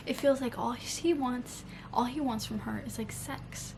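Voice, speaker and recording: Animated young woman gushing about books. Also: fairly high pitch, moderate pace, gravelly. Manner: animated, swears often, says "like" a lot. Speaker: book vlogger. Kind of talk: casual reading vlog. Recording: faint background noise.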